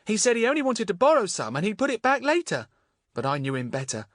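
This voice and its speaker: A man's voice: wildly swooping pitch, fast talker, no room sound, studio quality. Marion, a tearful captive girl voiced by a man. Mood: earnest. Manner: breathless, pleading, high and trembling. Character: frightened, tearful young girl held captive. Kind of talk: audiobook character voice.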